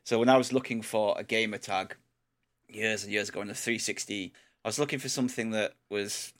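A man's voice: lowish voice, brisk, fairly bright tone. A man co-hosting a podcast, chatting casually and teasing his friends. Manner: teasing, jokey. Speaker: podcast co-host. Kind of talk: casual chat.

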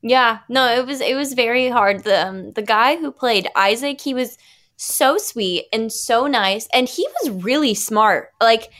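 A young adult woman, an actress guest on a podcast, telling stories in a casual, animated way full of fillers. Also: a little high, unhurried. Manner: animated, filler-heavy storytelling.

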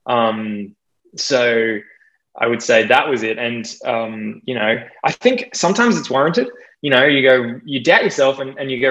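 Australian guy in his twenties, relaxed podcast guest, loose and filler-heavy, mid-range voice, a bit dull on the recording. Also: medium pitch, measured pace. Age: young adult. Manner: chatty, self-deprecating, laughs often, many fillers. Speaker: guest DJ and producer. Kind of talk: casual interview chat.

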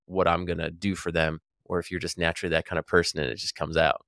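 A man's voice: low voice, fast talker, few pauses, a bit bright, no room sound, studio quality. A man hosting a podcast interview, talking loosely and casually with lots of fillers. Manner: loose and chatty, many fillers like "like" and "you know". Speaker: podcast host.

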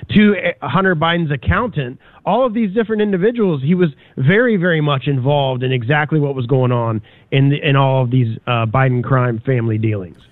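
A man's voice: medium pitch, a little fast, dry recording. A congressman calling in as a guest, speaking emphatically in a phone-in political interview. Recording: tinny phone line.

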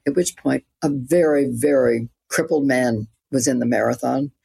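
A woman's voice: rumbling low, moderate pace, vocal fry, warm tone, husky, no room sound. A woman in her eighties, an actress and author, chatting reflectively as an interview guest with light laughs mid-sentence. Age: 80s. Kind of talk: casual interview chat.

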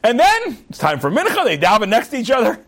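Guy giving a torah class, high voice, swoops up and down a lot, acts out the arguing. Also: fast talker. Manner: animated, acts out arguing students in raised voices. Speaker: rabbi teaching.

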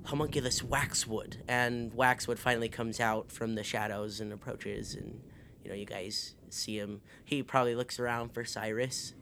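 A man narrating as game master of a tabletop game, halting, with many fillers and restarts. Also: lowish voice, little pitch movement, creaky, background noise.

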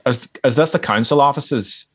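A man's voice: medium pitch, moderate pace, slightly rough, voice pushed up, close to an everyday voice. A man voicing a male hoax caller who is faking an Irish accent, in a mock-threatening, sing-song way. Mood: mock menacing. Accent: put-on Southern Irish.

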